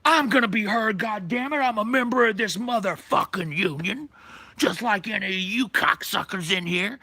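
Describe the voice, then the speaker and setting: Man doing an enraged union worker, shouting, swearing, high strained voice, bright tone. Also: moderate pace, vocal fry, husky, no room sound, full character voice. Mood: furious. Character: furious man, a union worker who plays the town Santa.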